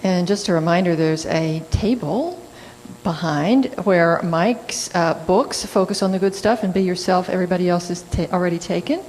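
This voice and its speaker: A woman leading a church service, giving brisk, friendly announcements. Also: lowish voice, darkish tone. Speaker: service leader. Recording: echoey hall with faint hum.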